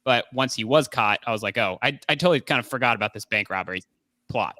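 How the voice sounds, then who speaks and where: A man's voice: mid-range voice, fast, sharp tone, no room sound. A man co-hosting a movie podcast, talking casually with lots of fillers and restarts. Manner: rambling, many fillers and restarts. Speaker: podcast co-host. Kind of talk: casual movie review chat.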